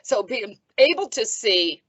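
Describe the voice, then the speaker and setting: Emphatic, bright-voiced woman in her seventies. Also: a little high, a little slow, breathy edge, no echo. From Philadelphia, US. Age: 70s. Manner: animated, emphatic, preacherly, punctuates with "okay?". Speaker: guest, reverend and foundation president. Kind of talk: conversational podcast interview.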